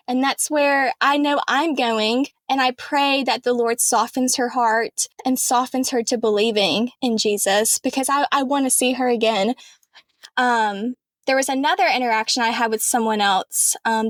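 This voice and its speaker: Earnest American woman, bright voice. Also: on the high side, no room sound, clean studio sound. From Alabama, USA. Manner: earnest, heartfelt, speeds up and slows down. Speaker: reporter, podcast guest. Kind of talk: personal travel storytelling.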